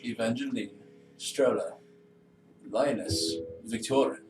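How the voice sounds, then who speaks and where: A man's voice: mid-range voice, slow pace. Man, tabletop player, joking, casual, music behind. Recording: roomy distant mic with music.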